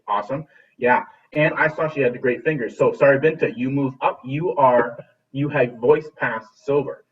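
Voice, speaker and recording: A man's voice: mid-range voice, slightly rough. A man teaching a remote music class over a video call, encouraging and often repeating or restarting his phrases. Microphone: laptop video call. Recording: distant dull video call audio.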